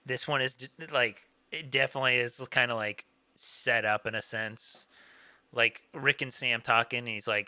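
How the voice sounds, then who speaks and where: Bright-voiced male podcast co-host. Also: mid-range voice, fairly even intonation, normal speed, clean tone, no room sound. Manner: casual, filler-heavy, reads notes aloud. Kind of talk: casual film discussion chat.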